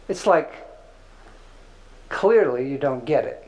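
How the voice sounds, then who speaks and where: A man with a high voice gives a relaxed spiritual teaching talk. His delivery is conversational and playful, dotted with filler words, like someone chatting with a small class. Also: measured pace, pauses often, low-quality recording.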